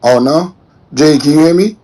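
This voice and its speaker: A hoarse man co-hosts a relaxed livestream call, his voice worn from recent strain. He talks easily and keeps dropping in short slangy affirmations. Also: fairly high pitch, moderate pace. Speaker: co-host and coach. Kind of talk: casual livestream chat.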